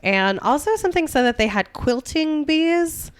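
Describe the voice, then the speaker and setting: A woman's voice: sits high, lively intonation, normal speed, a crowd in the background. A young adult woman co-hosting a comedy history podcast, telling the story casually with jokes and asides. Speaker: podcast co-host.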